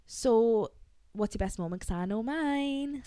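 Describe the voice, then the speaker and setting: A woman's voice: fairly high pitch, lively intonation, unhurried, dark tone. A woman co-hosting a casual podcast chat, laughing often and swearing freely. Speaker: podcast co-host.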